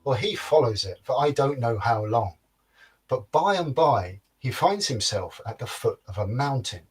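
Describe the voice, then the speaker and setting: A man telling a folktale in a lively, rhythmic storytelling manner, with playful sound words. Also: medium pitch, moderate pace, slightly rough.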